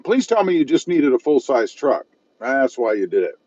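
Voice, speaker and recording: A man's voice: medium pitch, big pitch swings, moderate pace, darkish tone, husky, dull audio. A man from South Texas chatting casually on a live stream from his parked car while eating and reading viewer comments aloud, self-mocking and easygoing. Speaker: car channel host reading live chat. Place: parked car at a fast-food restaurant.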